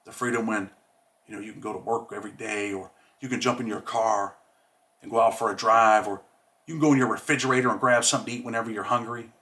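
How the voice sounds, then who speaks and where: A man's voice: fairly low pitch, fairly even intonation, fast, bright, forceful tone. A man hosting a casual monologue, talking in streetwise slang and saying "man" often. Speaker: host.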